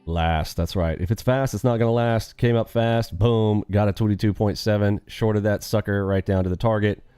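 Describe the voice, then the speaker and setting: A man's voice: fairly low pitch, steady tone, moderate pace, warm tone, clear, resonant tone, no echo, faint music behind. A man live-streaming his day trading, upbeat and quizzing his viewers with catchphrases.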